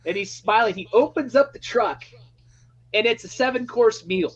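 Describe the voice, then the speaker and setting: A man hosting a live stream, telling an excited, rambling story in casual chat. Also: sits high, normal speed, slightly rough, muffled recording. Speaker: livestream host.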